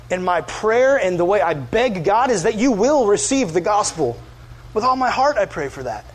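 A male pastor, preaching in an earnest, conversational way and acting out quoted voices. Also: high voice. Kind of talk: sermon.

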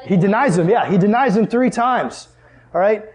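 A young man with a high, bright voice preaches to a youth group. He is casual and jokey, and he acts out both sides of a conversation with big swings in pitch. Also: expressive, normal speed. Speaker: youth pastor. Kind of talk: sermon with storytelling.

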